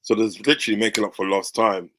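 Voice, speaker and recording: A man's voice: lowish voice, fairly even intonation, quick pace, a bit bright. A man in casual football chat, enthusiastic and often asking "do you know what I mean".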